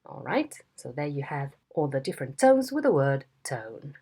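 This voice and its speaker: A woman teaching a phonetics lesson in a slow, deliberate way, demonstrating tones. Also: extremely low pitch, very animated, mellow, husky. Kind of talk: video lesson instruction.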